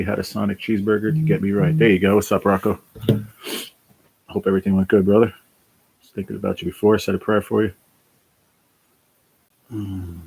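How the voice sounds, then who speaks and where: Tired low-voiced New man. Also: creaky, a little mellow, slightly rough. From New Jersey. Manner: tired, sighing, swears casually. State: worn out. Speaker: livestream host reading chat. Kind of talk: casual livestream chat.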